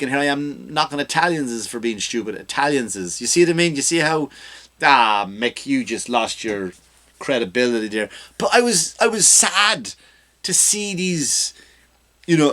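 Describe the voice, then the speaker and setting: A man's voice: medium pitch, a bit bright. A male comedian hosting his own podcast, delivering a ranting, self-mocking comedic monologue.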